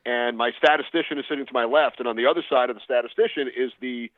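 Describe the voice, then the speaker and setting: A man's voice: medium pitch, steady tone, no room sound. Male sportscaster on a tinny phone line. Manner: measured storytelling with frequent "uh" pauses. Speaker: sports broadcaster guest. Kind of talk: casual interview answers.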